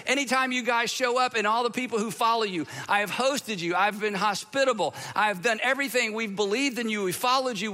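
A woman's voice: a little high, bright, forceful tone, voice pushed up. A male preacher voicing an aggrieved woman who indignantly lists everything she has done for a friend who failed to arrive. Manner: indignant, listing grievances.

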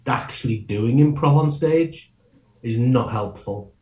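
A man talking as a comedian guest in a casual interview, quick and rambling, often breaking off and restarting his sentences. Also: mid-range voice, a little mellow, reverberant.

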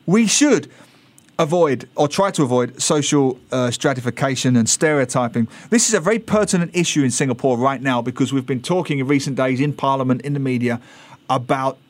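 A man's voice: medium pitch, a little fast. A man from East London with an Essex estuary English accent, chatting as a guest columnist on a radio show with wry, opinionated asides. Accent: Essex (Thames estuary) English. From England, East London. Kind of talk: radio talk chat.

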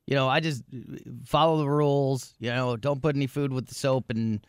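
A man's voice: medium pitch, fairly even intonation, moderate pace, smooth, no echo, clean studio sound. A man chatting casually as a co-host, easygoing and wry. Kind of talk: casual chat.

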